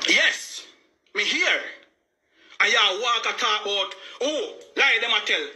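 Male, Jamaican accent, worked-up and emphatic, very bright, piercing tone. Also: high voice. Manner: agitated, repetitive, emphatic. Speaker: family member speaking out. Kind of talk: heated personal account.

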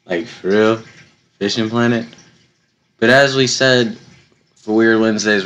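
A young man giving casual, slangy commentary while playing a video game, slightly hoarse from losing his voice. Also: fairly low pitch, a little slow, pauses often, fairly bright tone. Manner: laid-back, slangy, chatty. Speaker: gaming YouTuber.

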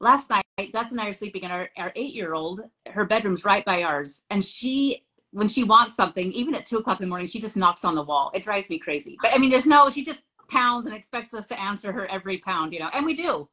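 A woman's voice: mid-range voice, expressive, quick pace, pushed and bright, low-quality recording. A middle-aged woman hosting a scripture study discussion. She talks in an earnest way, reads passages aloud and tells family anecdotes. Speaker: host.

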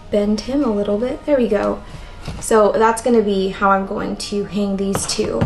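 A woman with a raspy, tired voice and constant vocal fry, chatting casually in a plant vlog. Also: mid-range voice, a little mellow, rough recording. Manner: chatty, rambling, lots of "like". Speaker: plant vlogger. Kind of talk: casual chat while potting plants.

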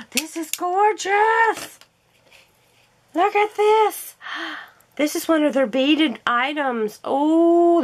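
A woman's voice: fairly high pitch, fairly bright tone. A woman gushing and gasping with delight as she unboxes a craft haul for her vlog. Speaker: crafting vlogger.

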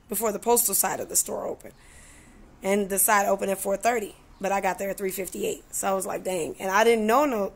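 A woman vlogging in a casual, chatty way, full of "you know" and "like", who acts out conversations with lively voices. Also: mid-range voice, vocal fry. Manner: animated, acts out dialogue in voices. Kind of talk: casual storytelling vlog.

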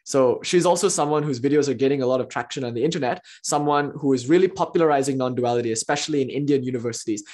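An enthusiastic spiritual teacher lectures on philosophy in a lively, storytelling way. The voice leaps up in excitement, then drops into quiet, hushed asides, with frequent laughs. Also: mid-range voice. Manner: swings between excited exclamations and hushed asides.

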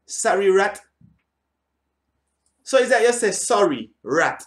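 A man's voice: high voice, sing-song, slow pace, long pauses. A middle-aged man, hosting a reaction video in a rambling, casual way, repeating himself and swearing now and then. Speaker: reaction channel host.

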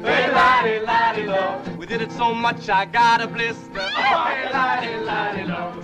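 A man's voice: extremely high pitch, fairly even intonation, moderate pace, lo-fi sound. An actor playing a rowdy young male party leader chanting bawdy call-and-response verses. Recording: party chant over loud music and crowd.

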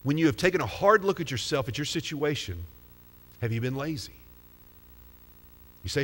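A man's voice: on the high side, expressive, moderate pace, pauses often, a bit bright. A man preaching a sermon as pastor, talking conversationally and putting questions to the congregation. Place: church sanctuary. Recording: long hall reverb.

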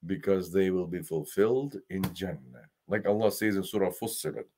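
A man, an imam, giving a Quran lesson, telling stories with swings from loud to hushed and reciting Arabic verses quickly. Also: low-pitched, animated, a little hiss or hum.

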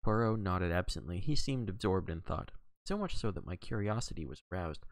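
A man reading a classic mystery aloud as a first-person audiobook narration, in a steady, plain storytelling manner. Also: low-pitched, normal speed, no echo. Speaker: audiobook reader.

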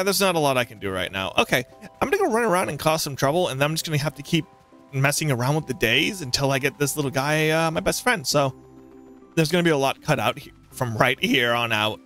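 A man's voice: on the high side, bright, forceful tone. A man hosting a let's play, joking sarcastically and reading game dialogue aloud in mocking voices. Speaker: gaming channel host.

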